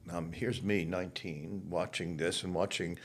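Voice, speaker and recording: A man's voice: deep voice, steady tone, moderate pace, husky. A man, a guest interviewed at his home, telling stories in a reflective, emphatic way. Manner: emphatic, shifts from hushed to loud. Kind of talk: reflective storytelling.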